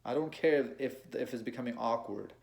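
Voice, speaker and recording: A young man talks straight to his viewers in a loose, conversational way. He is mid-pitched, repeats words and restarts his sentences as he goes. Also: normal speed, gravelly, a little mellow. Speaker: dating advice vlogger. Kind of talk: casual advice monologue to camera.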